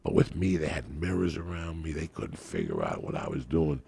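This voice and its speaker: A man's voice: rumbling low, big pitch swings, normal speed, gravelly, mellow, slight background noise. A man, a stand-up comedian, telling crude, profane stories on a podcast and laughing at his own jokes.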